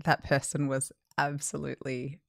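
A woman with a very low voice, co-hosting a podcast in casual chat. She teases with wry, quick remarks. The sound is dry and close, with no room echo. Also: completely flat delivery, vocal fry. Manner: teasing, wry. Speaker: podcast co-host.

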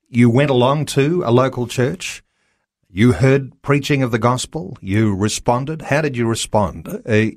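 A male interviewer asking a guest a question in a measured way, with some hesitant fillers. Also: fairly low pitch, a little mellow, no echo, clean studio sound.

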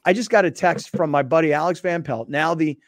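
A man hosting a sports radio show, telling stories in a casual, animated way and acting out both sides of old arguments. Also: on the high side, a little fast, no room sound, clean studio sound. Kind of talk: casual storytelling chat.

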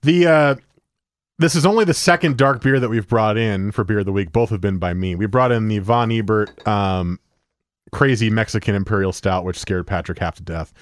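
A man's voice: fairly low pitch, normal speed, dry recording, clean studio sound. Chatty man talking through tasting notes. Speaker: co-host presenting a beer of the week. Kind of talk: casual beer tasting chat.

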